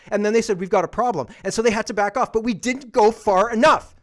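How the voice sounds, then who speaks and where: A high-voiced man hosting a heated political talk show, swearing often and hammering the same phrase again and again. He sounds frustrated and worked up. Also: fast talker, few pauses. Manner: frustrated, profane, emphatic repetition. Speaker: show host.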